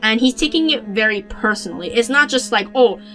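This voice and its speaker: A woman's voice: fairly high pitch, animated, a little fast, pushed and bright, soft background music. A woman hosting a podcast, talking through manga panels in a casual, rambling way with many fillers and restarts. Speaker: podcast host. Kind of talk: casual manga analysis chat.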